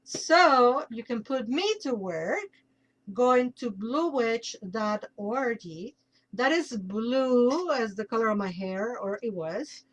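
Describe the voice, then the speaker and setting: A woman's voice: on the high side, animated, slow pace, rough recording. Chatty Mexican-accented woman host. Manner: chatty, warm plugs with playful asides. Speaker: podcast host. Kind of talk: casual podcast sign-off.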